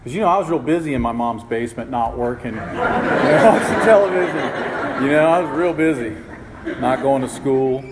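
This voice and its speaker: A man's voice: medium pitch, animated, moderate pace. A man telling his recovery story to a group, in a humorous, rambling way with lots of "you know". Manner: self-mocking, rambling, full of "you know". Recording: echoey hall with faint background noise.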